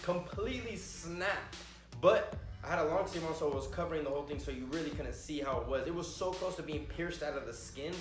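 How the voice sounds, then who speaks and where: Higher-voiced man telling a lively story. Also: brisk. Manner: lively storytelling with swearing and sound effects. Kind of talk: casual story time. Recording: echoey room with faint music.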